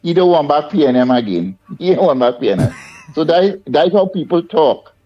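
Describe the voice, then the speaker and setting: Brief: pushy Trinidadian caller, slightly high voice, muffled phone. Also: male voice, expressive, moderate pace. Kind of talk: phone-in call.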